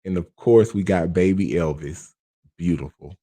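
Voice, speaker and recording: A man's voice: deep voice, normal speed, mellow. A man hosting a reaction video, exclaiming at what he watches and talking straight to his viewers. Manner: exclaiming, talks to viewers directly. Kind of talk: casual reaction commentary.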